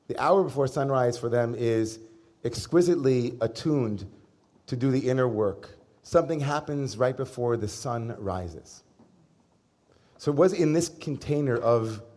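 Male rabbi, mid-pitched, easygoing, joking sermon voice, natural pauses. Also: darkish tone. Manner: conversational, humorous, with pauses and fillers. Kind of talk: sermon with personal storytelling. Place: synagogue service before a congregation.

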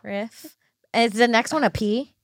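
A woman's voice: a little high, a little slow, dry recording, studio quality. A woman comedian co-hosting a podcast, trading profane, teasing banter and slipping into silly mock voices.

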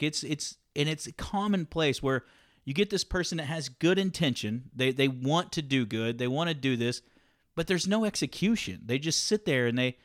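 Male podcast co-host, 30s, energetic storyteller who laughs through his stories. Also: medium pitch. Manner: animated storyteller, laughs often. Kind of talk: casual chat.

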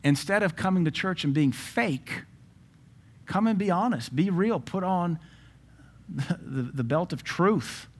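A middle-aged man, a pastor preaching a sermon in a lively way, acting out quoted voices and adding joking asides. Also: fairly high pitch. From Southern US.

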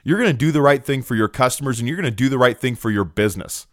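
A man's voice: medium pitch, expressive, quick pace, dry recording. A middle-aged man speaks in a mid-range voice, recorded close with a dry, dead sound. He hosts a business podcast in an earnest, emphatic way, leaning on "right?" and "look" to drive his points home. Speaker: podcast host, business owner. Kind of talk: motivational podcast talk.

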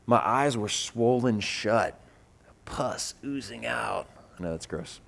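A man preaching a sermon, animated and repeating phrases as he builds, acting out voices when he tells personal stories. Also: lowish voice, slow, creaky. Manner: acts out voices in his stories. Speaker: pastor.

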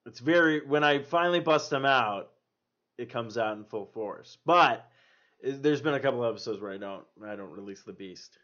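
A man's voice: medium pitch, lively intonation, normal speed, sharp tone. A young man co-hosting a podcast, joking around in casual banter and slipping into impressions. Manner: joking, slips into celebrity impressions. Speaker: podcast co-host. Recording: dull lo-fi podcast audio.

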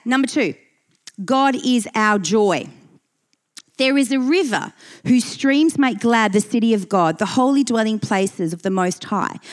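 Earnest woman preaching at an unhurried pace. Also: mid-range voice. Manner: earnest, emphatic, repeats phrases. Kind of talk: sermon.

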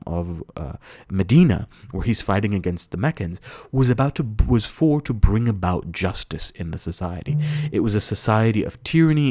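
A man's voice: deep voice, darkish tone, no room sound, clean studio sound. A man with an American accent giving an earnest, explanatory history lecture, with the odd restart and filler.

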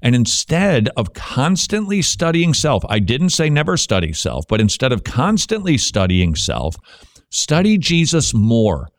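A man hosting a radio talk show, joking and animated, who turns preacherly when he teaches. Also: mid-range voice, measured pace, dry recording, clean studio sound. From Dutch heritage.

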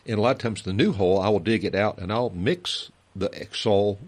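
A man's voice: fairly low pitch, a little fast, a little mellow, breathy edge. A man giving practical gardening advice on a call-in radio show in a folksy way. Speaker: gardening expert guest. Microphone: studio microphone.

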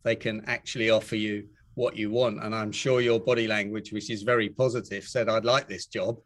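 A man's voice: lowish voice, level tone, a little fast. A man hosting an interview, chatting and asking leading questions. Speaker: interviewer host. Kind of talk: interview chat.

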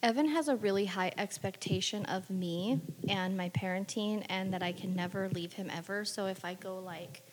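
Brief: woman, middle pitch, wry and matter-of-fact, reverberant room. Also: normal speed, hardly any pauses, slight background noise. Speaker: parent sharing a story. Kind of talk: casual storytelling.

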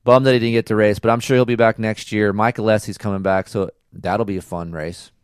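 A man's voice: on the low side, a little fast, smooth, no echo, clean studio sound. A man co-hosting a podcast in casual chat, rambling and profane as he tells stories. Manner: rambling, profane, animated storytelling. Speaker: podcast co-host.

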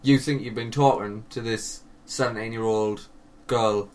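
A young man co-hosts a podcast, spinning a long, embarrassing story full of swearing and laughter. His voice is lowish, steady, darkish and a little slow, and he lowers it for quoted lines. The casual storytelling chat is recorded from a distance.

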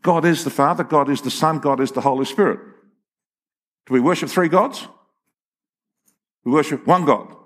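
An older man preaching a sermon to his congregation, animated and joking, with emphatic peaks. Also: fairly high pitch, normal speed, long pauses. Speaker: pastor. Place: church hall with congregation.

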